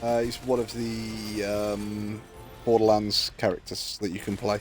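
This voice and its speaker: A man's voice: lowish voice, little pitch movement, a little slow, soft background music. A man streaming and chatting casually, retelling a story with lots of fillers and acted-out quotes. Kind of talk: casual chat while streaming.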